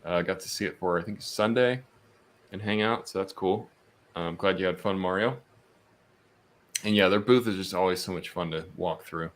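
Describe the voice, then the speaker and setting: A man's voice: deep voice, normal speed, pauses often. A man co-hosting a live podcast stream, chatting easily, reading viewer comments aloud and chuckling. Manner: easygoing, reads chat aloud, chuckles. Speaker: podcast co-host. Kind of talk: casual live-stream chat.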